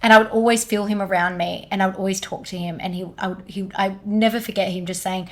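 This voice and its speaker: A woman, a guest energy healer, telling a personal story in animated casual conversation with lots of "like". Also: medium pitch, fast talker, few pauses. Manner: animated, many fillers like "like".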